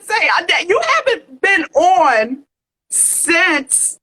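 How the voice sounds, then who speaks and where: A woman's voice: very high-pitched, animated, extremely slow, sharp tone. A woman hosting a casual livestream, chatting and greeting viewers with terms of endearment like honey and babe. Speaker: livestream host.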